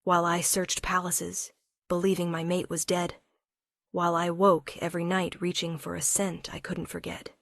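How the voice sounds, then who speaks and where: Female storyteller for a romance tale. Low, flat, measured, dry recording. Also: no echo. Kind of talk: first-person romance story narration.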